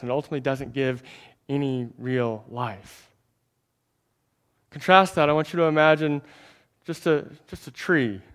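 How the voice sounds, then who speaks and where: The pastor's sermon is conversational and aimed directly at the congregation, his voice sitting on the high side. He repeats words and moves back and forth between emphasis and hushed delivery.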